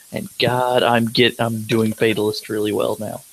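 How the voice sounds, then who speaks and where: A man's voice: mid-range voice, steady tone, moderate pace, few pauses, slight background noise, low-quality recording. A man playing a tabletop role-playing game, talking in character in a sardonic, teasing way. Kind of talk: in-character role-play chat.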